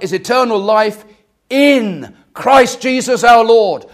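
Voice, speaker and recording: Earnest high-voiced male preacher. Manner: earnest, repeats phrases and restarts, swells and drops in loudness. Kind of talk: sermon.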